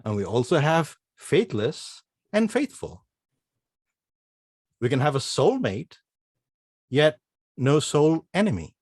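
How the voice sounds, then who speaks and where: A man performs a humorous prepared speech at a speaking club. He talks slowly with a very lively, swooping pitch. He asks playful rhetorical questions, and the room sound is dry and close. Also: no echo. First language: not English.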